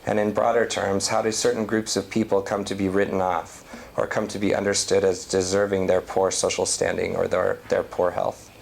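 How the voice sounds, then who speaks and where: A man giving an academic lecture, reading a prepared talk at a measured pace. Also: low-pitched, level tone, gravelly, a little hiss or hum. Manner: reads prepared text, measured.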